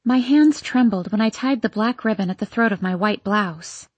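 A woman reading a novel aloud in steady scripted narration. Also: medium pitch, normal speed, husky, dry recording. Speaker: audiobook narrator.

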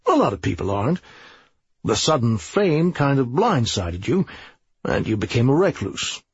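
A man voicing a cautious, long-winded male attorney in an audiobook, speaking in an earnest, measured way. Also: medium pitch, sing-song, breathy edge, no room sound, dull audio, heavily acted.

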